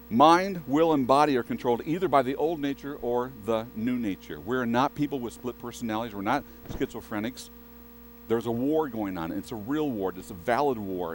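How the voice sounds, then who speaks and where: On a low-quality recording, a male pastor with a mid-range voice preaches a sermon conversationally. He often restarts his sentences and turns to the congregation with asides.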